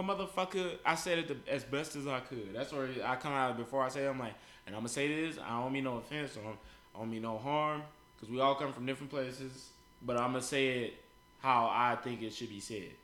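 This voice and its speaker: A man's voice: medium pitch, fairly bright tone. Profane, blunt man in an echoey room. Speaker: podcast co-host. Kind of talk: casual chat.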